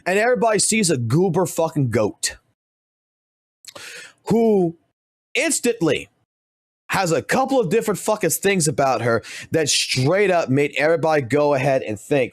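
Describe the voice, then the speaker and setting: A young man streaming, ranting crudely with constant cursing and animated outbursts. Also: high-pitched, moderate pace, pauses often, dry recording, clean studio sound. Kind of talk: profane ranting commentary.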